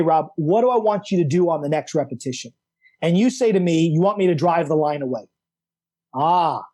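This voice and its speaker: A middle-aged man, a coach and author, explaining ideas with animated emphasis, repeating key words for effect. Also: sits high. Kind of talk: enthusiastic explanatory conversation.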